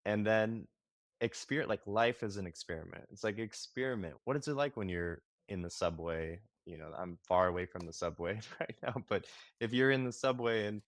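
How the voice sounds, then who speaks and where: A man's voice, notably deep, speaks as a podcast guest with a reflective, exploratory delivery. He circles back and rephrases as he thinks aloud. The sound is dry and close, with no room around it. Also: normal speed, no echo. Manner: reflective, searching, many "like" restarts. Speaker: guest, marriage and family therapist. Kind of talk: casual podcast conversation.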